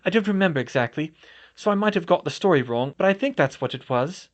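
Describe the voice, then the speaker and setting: A high, wavering voice of a distraught middle-aged teacher, put on by a man reading an audiobook, rambling and halting as she sobs. Her pitch swings widely through broken sentences. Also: expressive, dull audio, lightly acted. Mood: rattled. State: sobbing.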